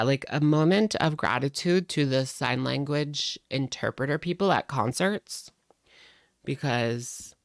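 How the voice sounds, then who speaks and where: A woman's voice: sits low, gravelly, dry recording. Chatty woman streamer, dry close sound. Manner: rambling, chatty, greets viewers by name. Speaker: live stream host. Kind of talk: casual live stream chat.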